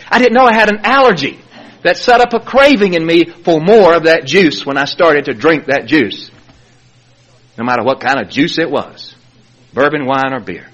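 A man's voice: a little high, slightly rough, rough recording. A man giving a personal recovery testimony as a meeting speaker, telling his story with chuckles along the way. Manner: animated storytelling, chuckling as he talks.

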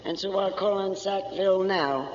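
A man with a high voice introduces the guest speaker in a friendly, brief way. The old recording sounds dull, with a faint hiss of room noise behind him. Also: normal speed. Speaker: meeting chairman introducing the speaker. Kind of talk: introduction to an audience.

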